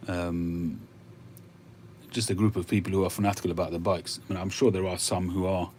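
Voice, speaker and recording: Low-voiced man chatting casually. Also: level tone, a little fast, a little mellow, slight background noise. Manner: conversational, musing, with frequent hesitations. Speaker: livestream host reading viewer comments. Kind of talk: casual chat.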